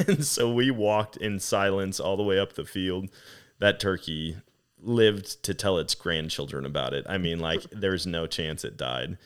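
Podcast host, male, very low voice, lively storyteller in loose casual chat. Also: unhurried, smooth. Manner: animated, laughing storyteller who acts out quotes.

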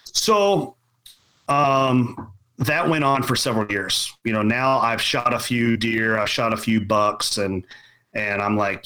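A man's voice: mid-range voice, slow pace, bright, forceful tone, low-quality recording. A middle-aged man telling a casual, rambling story, restarting and repeating words as he goes. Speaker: podcast guest.

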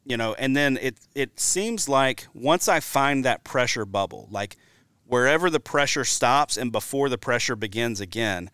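A man hosting a casual hunting podcast, chatty and telling stories with lively asides. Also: mid-range voice, normal speed, clear, resonant tone, dry recording. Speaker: podcast host.

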